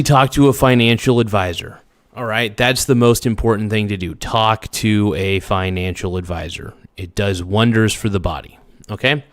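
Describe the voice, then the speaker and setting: A man's voice: mid-range voice, no echo, studio quality. A man hosting a casual livestream, reading viewer comments aloud and answering them in a rambling, blunt way. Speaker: livestream host.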